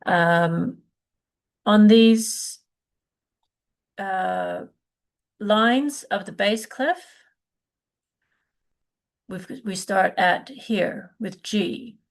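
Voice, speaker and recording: A woman's voice: medium pitch, sing-song, extremely slow, pauses often. A middle-aged woman teaching a live online music lesson, explaining patiently with many fillers and restarts.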